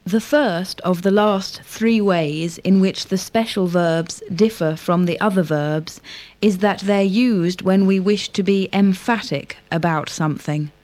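A woman's voice: medium pitch, measured pace, darkish tone. A woman answering a scripted grammar drill, carefully repeating the full sentences. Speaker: lesson respondent.

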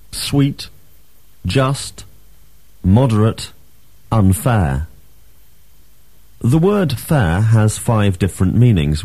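A man teaching a language lesson, reading drills and asking questions with clear, emphatic delivery. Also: fairly low pitch, dark tone, no echo.

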